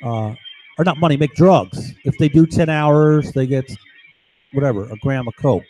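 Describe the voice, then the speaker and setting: The recording is rough but echo-free as a vlogger rambles agitatedly from home, restarting often, drifting into asides, and tagging lines with "right?" His voice is mid-range and mellow, at a normal speed.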